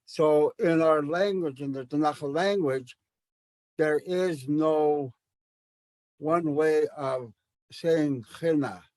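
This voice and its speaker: Slow-speaking man teaching a language class. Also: on the high side, a little mellow, no echo. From Canada. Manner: slow, thoughtful, with many fillers and restarts.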